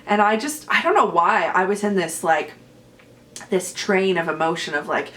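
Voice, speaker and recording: A woman's voice: mid-range voice, a little slow, fairly bright tone. A woman with a Canadian accent, a podcast host and stage actress, talking casually and animatedly on her own, self-deprecating and full of fillers. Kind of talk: casual solo chat.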